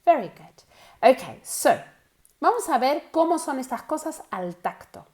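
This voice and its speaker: A woman's voice: sits high, sing-song, darkish tone. Upbeat woman teaching English pronunciation. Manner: encouraging, drills pronunciation slowly and repeats words. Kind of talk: bilingual English lesson.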